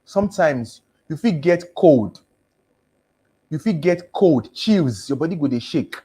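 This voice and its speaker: A man's voice: medium pitch, mellow, slightly rough. A man with a Nigerian Pidgin accent, a doctor hosting a casual live health stream, chatting and answering viewer comments, mixing English and Pidgin, his voice a little worn. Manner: chatty, switches between English and Pidgin, repeats thanks. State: voice going hoarse.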